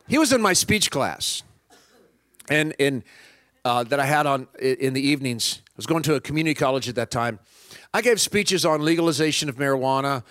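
A man preaching a personal testimony, telling it as an animated story and acting out both sides of the dialogue. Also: on the high side, brisk, no room sound.

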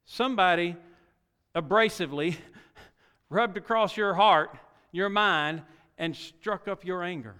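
A middle-aged male pastor preaching with a high, bright, clear voice. His folksy delivery is full of rhetorical questions and drops to quiet asides before rising to loud exhortation. The long reverb of a large church hall trails every phrase. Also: slow pace. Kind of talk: sermon.

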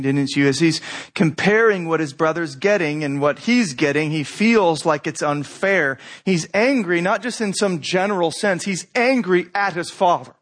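A man preaching a sermon in a conversational way, with asides and restarts, acting out quoted voices. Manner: animated, acts out quoted voices with rising pitch. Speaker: pastor.

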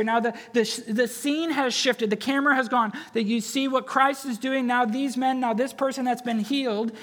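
A man's voice: high-pitched, a bit bright, long reverb tail. A man, a pastor, preaching a sermon in a casual, conversational way, repeating phrases and asking the congregation questions.

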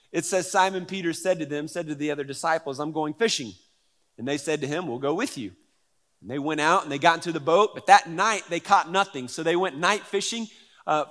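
Animated, high-voiced preaching man. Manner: conversational and animated, with filler words and repeats. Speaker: pastor. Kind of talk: sermon.

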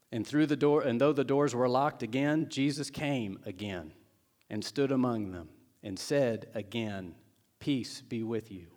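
A man's voice: mid-range voice, darkish tone. A pastor preaching a sermon in a conversational, storytelling way, acting out the words of the people in his stories. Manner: conversational storytelling, acts out quotes.

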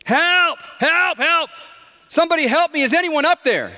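A pastor voicing a panicked man hanging from a branch over a canyon, yelling high and stammering. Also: animated, moderate pace, in a large hall, full character voice. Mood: frantic. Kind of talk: acted joke in a sermon.

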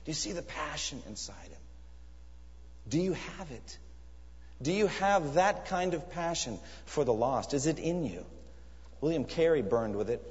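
A man's voice: fairly high pitch, big pitch swings, a little slow, long pauses, darkish tone. A man preaching a sermon in an earnest, emphatic way, pressing his listeners with searching questions. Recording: echoey hall, dull lo-fi sound.

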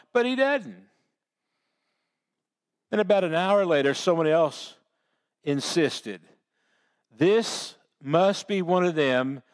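Slow folksy preacher man. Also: a little high. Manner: folksy storytelling with baseball analogies. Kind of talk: sermon.

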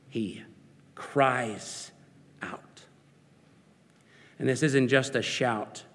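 Slow earnest preacher in a reverberant hall. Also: male voice, medium pitch, a bit bright. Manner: earnest, searching questions to the listener. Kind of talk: sermon.

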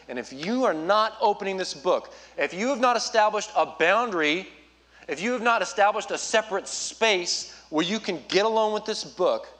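Earnest man preaching, higher voice. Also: a bit bright. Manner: earnest, direct exhortation with quick asides. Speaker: youth pastor. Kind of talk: sermon.

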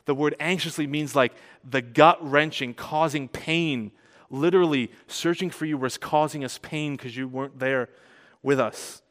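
A man preaching a sermon as a pastor, conversational and animated, growing louder and softer as he tells the story. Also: on the high side, unhurried. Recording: long hall reverb.

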